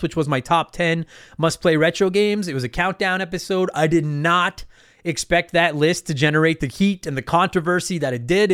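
High, crisp-voiced animated podcast host. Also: male voice, no echo, clean studio sound. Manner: animated, swears casually, emphatic. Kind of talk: casual solo podcast chat.

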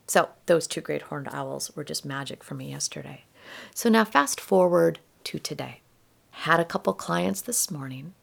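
A woman tells reflective personal stories in a low, heavily fried voice. She speaks softly and often sinks into a near whisper. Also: creaky. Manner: soft-spoken, drops into whispers. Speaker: spiritual storyteller.

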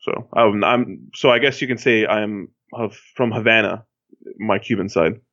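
A podcast co-host from Miami, Florida chats casually in a loose, rambling way, full of fillers and restarts. His voice is on the low side, unhurried and a bit bright, with no room sound, though the recording has a dull lo-fi quality.

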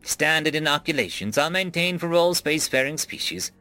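A man voicing a calm, formal male AI ship core with flat, precise phrasing. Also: fairly high pitch, brisk, faint music behind, pitched above the performer's own voice. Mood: measured.

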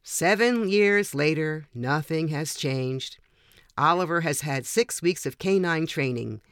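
Older woman, author, reads a personal anecdote in a measured, gentle manner with a dry close mic. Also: low voice, animated, clean tone, dry recording. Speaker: author reading her own story. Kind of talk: personal story reading.

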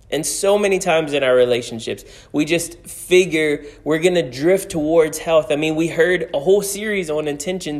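A man preaching a conversational sermon as pastor, telling stories and repeating key phrases for emphasis. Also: a little high.

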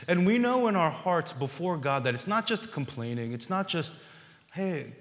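A man preaching a sermon as pastor, earnest and repetitive, building to loud emphasis on key words. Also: on the high side, big pitch swings, moderate pace, in a large hall.

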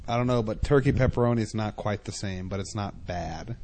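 A man's voice: fairly low pitch, brisk. Blunt, profane man, faint noise. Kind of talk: crude casual banter.

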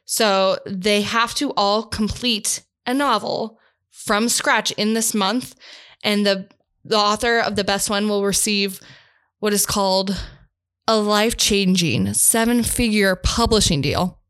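A woman co-hosting a casual bookstore podcast, playful and quick to laugh. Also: mid-range voice, a bit bright. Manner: bubbly, giggly, playful. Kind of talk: casual chat.

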